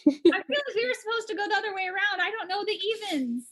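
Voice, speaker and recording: A woman's voice: very high voice, expressive, fast talker. A young American woman co-hosting a quiz, playful and self-deprecating, half-singing song lyrics. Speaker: quiz co-host.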